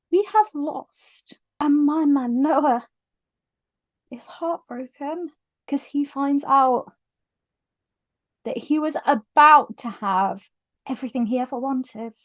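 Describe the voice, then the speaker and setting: Woman book vlogger, high voice, gushing and teary, lively casual retelling. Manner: frequent restarts when moved. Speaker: book reviewer. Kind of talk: casual book review vlog.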